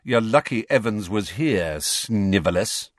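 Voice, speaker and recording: A man voicing a showy, hot-headed teenage schoolboy with brash, yelping shouts. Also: lowish voice, animated, slow, no echo, studio quality. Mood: cocky.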